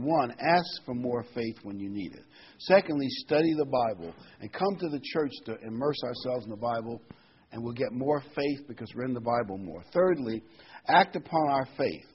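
Husky man preaching a plain, halting sermon. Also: mid-range voice, dull audio. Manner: plain conversational preaching with many fillers and pauses.

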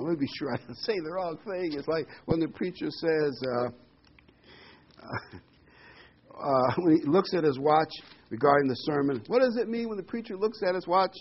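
Animated preacher man, husky voice. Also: on the high side, moderate pace. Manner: animated, repeats words for emphasis. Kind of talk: sermon. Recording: dull lo-fi recording.

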